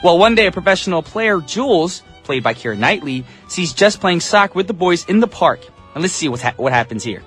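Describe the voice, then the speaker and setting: A man's voice: high voice, sing-song, a little fast, few pauses, a bit bright, faint music behind. A man from the United States hosting a morning radio show in an upbeat, chatty, self-joking way. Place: radio studio.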